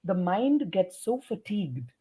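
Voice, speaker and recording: Woman educator explaining pronunciation, emphatic, lively swingy voice, sounds words out. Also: mid-range voice, unhurried. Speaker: educator and trainer, interview guest. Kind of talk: interview answers, teaching explanation.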